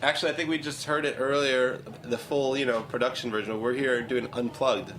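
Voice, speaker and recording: A man, a musician guest, telling stories in quick, self-deprecating casual chat on a radio show. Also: medium pitch, little pitch movement, noisy background. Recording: radio studio with live music.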